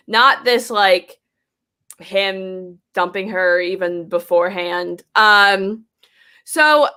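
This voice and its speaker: Speaking at medium pitch with a sharp tone, this woman co-hosts a podcast in casual conversation. Her manner is bubbly and chatty, with frequent "like" fillers.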